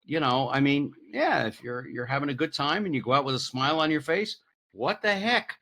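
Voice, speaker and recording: A man's voice: a little high, animated, a little fast, sharp tone. A man from Florida hosting a podcast, chatting casually and rambling through asides. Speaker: podcast host. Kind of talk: casual interview chat.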